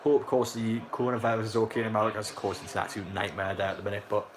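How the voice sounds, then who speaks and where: Quick-talking lad. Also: male voice, lowish voice, little pitch movement, background noise. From North East England. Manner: rambling, filler-heavy, reacts to chat. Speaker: football live streamer. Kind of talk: casual live match commentary to chat.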